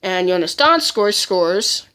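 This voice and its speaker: A woman's voice: lowish voice, expressive, takes it slowly, pushed and bright. Blunt opinionated woman ranking goals. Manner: blunt, opinionated, frequent restarts. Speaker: hockey fan vlogger. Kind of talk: casual countdown commentary.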